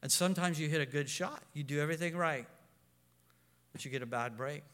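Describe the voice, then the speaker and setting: Middle-aged guy pastor preaching, pretty high voice, lots of restarts, echoey hall. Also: a little fast, smooth. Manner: animated, storytelling, frequent restarts. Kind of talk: sermon. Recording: long hall reverb.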